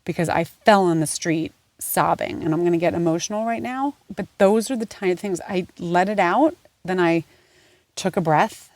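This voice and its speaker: A woman's voice: lowish voice, normal speed, darkish tone, no echo. A woman in her forties hosting her own podcast, talking candidly and earnestly, rambling with fillers and swearing freely. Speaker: podcast host.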